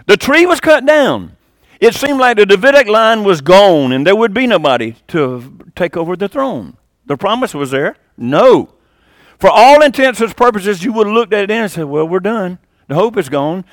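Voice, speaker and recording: An older man preaches a sermon in a high, strikingly lively voice. He swings from loud, emphatic lines down to quiet, low asides. The sound is close and dry. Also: moderate pace, dry recording. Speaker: pastor.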